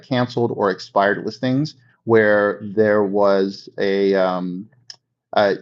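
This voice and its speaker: Man coaching in a dull lo-fi recording. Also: medium pitch. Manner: conversational, checks in with 'okay?' and 'right?'. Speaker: real estate coach. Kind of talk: coaching talk.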